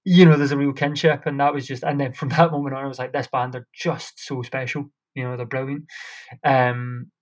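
A man's voice: medium pitch, steady tone, fairly quick. Chatty, enthusiastic man. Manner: enthusiastic, rambling storyteller. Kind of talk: casual chat.

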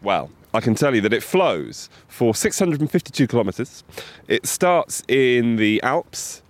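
A man's voice: medium pitch, very animated, measured pace. A man co-hosting a podcast outdoors by a river, playful and reeling off facts in casual chat. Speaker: podcast co-host.

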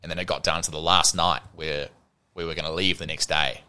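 A very deep, steady male voice, a little fast and pushed, bright, clear and resonant, belongs to a New Zealand cricketer in his thirties. Chatting casually as an interview guest, he rambles heavily with fillers such as "you know" and "sort of," mimicking people as he tells anecdotes.

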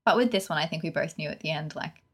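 A woman's voice: low-pitched, fast talker, a bit bright, slightly rough. A woman, co-hosting a podcast and giving frank, opinionated film reviews in casual chat. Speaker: podcast co-host.

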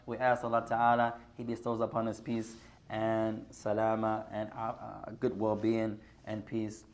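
A man's voice: mid-range voice, steady tone, normal speed. A man giving an earnest religious class in a mosque, speaking to the congregation as brothers and mixing in Arabic phrases. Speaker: mosque teacher.

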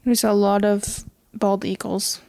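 A woman's voice: medium pitch, little pitch movement, a little slow, gravelly, warm tone. A woman talking as a podcast guest, retelling a story in casual chat and quoting what people said. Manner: chatty, quotes others in run-on retelling.

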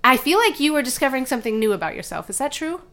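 A woman's voice: sits high, sing-song, rapid-fire, fairly bright tone. A woman co-hosting a podcast in casual chat, playful and teasing, laughing often. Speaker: podcast co-host.

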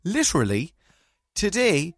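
A man, a podcast co-host chatting casually, telling lively stories, often laughing and acting out his own texts. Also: high voice, measured pace, no room sound, studio quality. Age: 30s. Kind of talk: casual chat.

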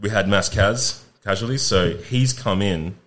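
A man with a very low, deep voice, chatting casually as a podcast guest. He tells grim stories in a relaxed, profane way and laughs easily through them. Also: unhurried. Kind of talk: casual storytelling chat.

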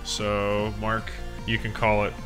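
A man hosting a gaming podcast in a casual, upbeat way, often filling pauses with "uh." His voice is bright and forceful at a middle pitch. Faint music sits behind him. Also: monotone. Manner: upbeat, chatty, laughs easily, frequent "uh"s. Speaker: podcast host. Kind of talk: casual chat.

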